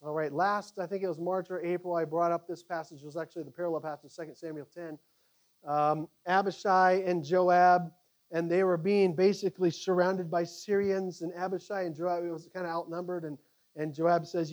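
Animated man teaching a Bible class. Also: sits high. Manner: animated, conversational, halting restarts. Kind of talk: Bible study teaching to a group.

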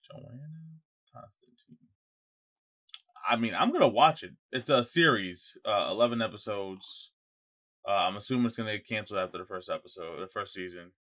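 A young man with a low-set but bright, forceful voice, riffing casually as a podcast co-host. His talk is loose, joking and full of profanity. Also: a little fast.

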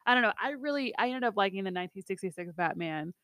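A woman's voice: medium pitch, lively intonation, fast, fairly bright tone, no room sound, studio quality. A woman co-hosting a podcast in casual chat, talking with lots of fillers and laughing often. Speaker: podcast co-host.

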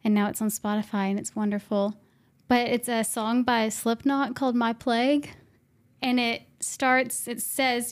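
A woman's voice: on the high side, steady tone, moderate pace. A woman co-hosting a podcast in casual chat, enthusiastic and giggly, now and then quoting movie lines. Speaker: podcast co-host.

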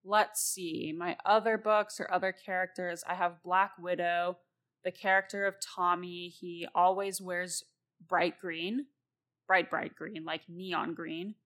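A woman's voice: lowish voice, level tone, slow pace, fairly bright tone. A woman host and novelist talking casually and at length about writing, rambling and laughing often.

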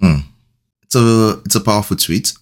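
Deep-voiced Nigerian man podcast co-host. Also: moderate pace. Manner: playful joker, hesitant when reflecting. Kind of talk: casual faith podcast chat.

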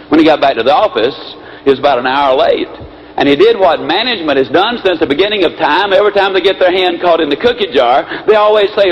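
A man gives a motivational speech full of folksy stories. His voice is high and quick, and his delivery is animated. The recording is muffled and lo-fi, with faint hiss behind it. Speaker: motivational speaker.

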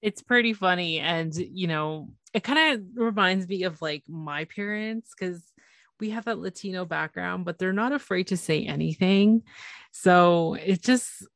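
A woman chats casually as a podcast co-host, easygoing and soft-spoken, with light laughs. Her voice sits a little low. The sound is dry, with no room echo. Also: a little slow. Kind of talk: casual chat.

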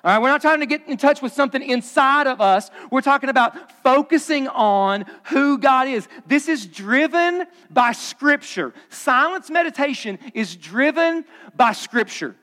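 A middle-aged man preaching a sermon as pastor, conversational, with loud punchy asides that drop to hushed, low emphasis. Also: animated, normal speed. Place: large church auditorium. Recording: long hall reverb.

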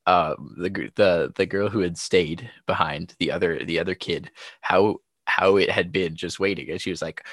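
A man's voice: low-pitched, a little slow, dry recording, clean studio sound. A young man co-hosting a podcast, telling stories in a casual chat and laughing often. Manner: laughs often, animated storytelling. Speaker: podcast co-host.

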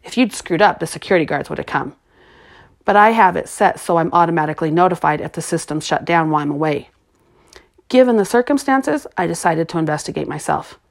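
A woman reading the part of a grieving, bitter middle-aged father who speaks low and guarded. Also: animated, fairly quick, gravelly. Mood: calm, explaining.

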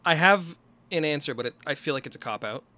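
A man in casual improvised comedy banter, halting and restarting as he thinks aloud, swearing freely. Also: fairly high pitch, lively intonation, pushed and bright.

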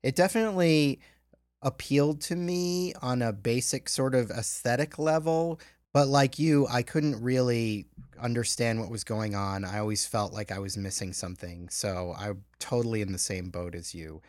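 A man's voice: medium pitch, moderate pace, dry recording, clean studio sound. A middle-aged man hosting a film podcast, reading a polished intro, then chatting casually. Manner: reads a polished intro, then relaxed banter. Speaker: podcast host.

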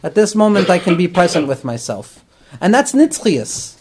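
High-voiced man teaching with Hebrew terms. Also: very animated, normal speed, darkish tone, husky. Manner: earnest, explaining, weaves in Hebrew terms. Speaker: rabbi and therapist teaching. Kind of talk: talmudic teaching talk.

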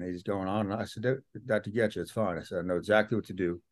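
A man's voice: lowish voice, rapid-fire, dry recording. A middle-aged man, a podcast guest, telling a personal story in a casual interview and acting out what people said. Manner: animated storyteller, acts out quotes.

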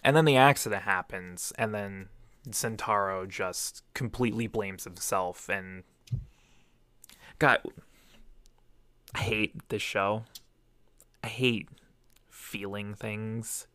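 A man with a lowish voice talks in a dry, close setting with no room sound. He speaks fast and with feeling, rushing through his thoughts in excited bursts. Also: no room sound. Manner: emotional, rapid bursts. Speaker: podcast co-host. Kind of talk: casual chat.

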